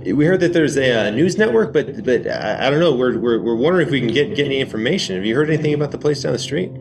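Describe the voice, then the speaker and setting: A man playing a character in a tabletop role-playing game, relaxed, with stammering restarts. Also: medium pitch, fast talker, vocal fry, far from the mic, over music. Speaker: player.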